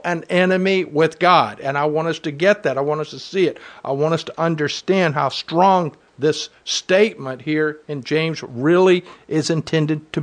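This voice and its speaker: A man preaching a sermon to his congregation, reading scripture aloud and driving home points with earnest emphasis. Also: a little high.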